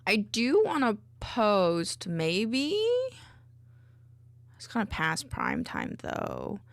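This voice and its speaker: Casual bubbly streamer lady rambling to chat at her desk, swoopy lively voice. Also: mid-range voice, very slow, no room sound. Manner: bubbly, rambling, chatty with viewers. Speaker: VTuber streamer. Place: home desk by a window. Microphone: desk mic on a boom arm.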